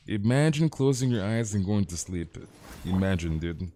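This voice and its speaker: Laid-back young man streaming games, low voice. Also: animated, moderate pace, a little hiss or hum. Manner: rambling, calls everyone "dude", amused exclamations. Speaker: game streamer. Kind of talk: casual live-stream chat.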